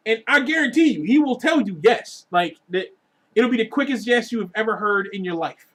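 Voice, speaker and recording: A man ranting casually to his viewers about dating, crude and profane, joking as he goes, swinging between loud lines and muttered asides. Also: high-pitched, expressive, moderate pace. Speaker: vlogger. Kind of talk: casual rant to camera.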